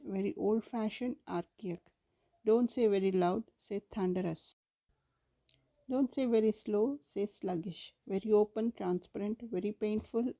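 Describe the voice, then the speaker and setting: A woman English teacher reading a vocabulary list in a steady, measured way. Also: medium pitch, muffled recording.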